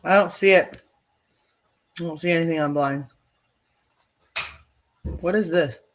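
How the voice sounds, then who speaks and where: A woman's voice: sits low, unhurried. Chatty woman rambling through reaction clips. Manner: chatty, rambling, apologetic asides. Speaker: host reacting to videos. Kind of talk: casual chat.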